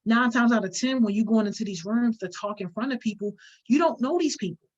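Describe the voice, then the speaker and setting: A woman's voice: a little high, fairly quick, a little mellow. Emphatic, slangy woman coaching public speaking. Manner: conversational, emphatic, uses slang freely. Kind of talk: live-streamed workshop, reading viewer comments. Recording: dull lo-fi stream audio.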